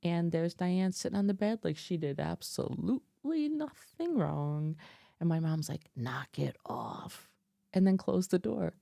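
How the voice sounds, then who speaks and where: Laughing and chatting with lots of fillers, a female vlogger shares a personal story with her audience. She has a fairly low, dark-toned voice with vocal fry, animated at a moderate pace. It's recorded close on a desk mic with no echo.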